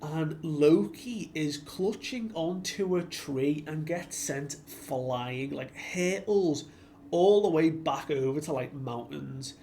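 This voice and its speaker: A man's voice: fairly high pitch, slow, warm tone, slight background noise. A man giving a casual, chatty recap of a comic chapter as a reviewer, slipping into the characters' lines as he retells them. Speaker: anime and manga reviewer.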